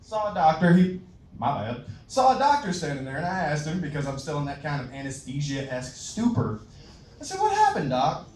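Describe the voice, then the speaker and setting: A young man with a Southern accent does a crude, self-mocking stand-up set and laughs at his own jokes. His voice sits high and jumps around a lot. It was caught from the audience in an echoey club, far from the recorder. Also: expressive, a little fast, darkish tone. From Louisiana. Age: young adult. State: out of breath. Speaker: stand-up comedian. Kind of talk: open-mic stand-up set. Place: comedy club stage.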